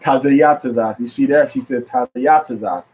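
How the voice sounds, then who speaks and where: A man giving an informal religious lesson at home, quizzing his listeners with questions, repeating key words and reading scripture aloud slowly, stressing each syllable. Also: a little high, a little mellow, a little hiss or hum, low-quality recording. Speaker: religious teacher.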